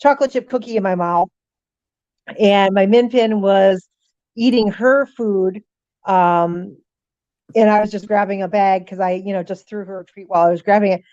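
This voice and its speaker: A middle-aged woman, a guest on an interview show, telling lively stories, voicing animals' thoughts and dropping frequent ums. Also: medium pitch, moderate pace, no room sound, lo-fi sound. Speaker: guest, paranormal author. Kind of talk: casual storytelling interview.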